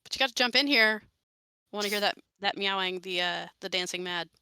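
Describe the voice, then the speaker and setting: A woman's voice: mid-range voice, fairly quick, bright, forceful tone, clear, resonant tone, no echo. A woman commentating a charity game stream in a giggly, chatty way, on a headset mic.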